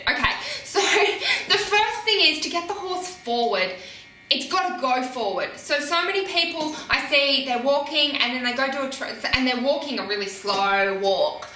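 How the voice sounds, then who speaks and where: Lively, bright-voiced woman coach. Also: sits high, normal speed. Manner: animated, laughing, acts out riders' thoughts. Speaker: riding coach. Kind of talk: casual coaching talk. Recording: echoey, from a distance from the mic.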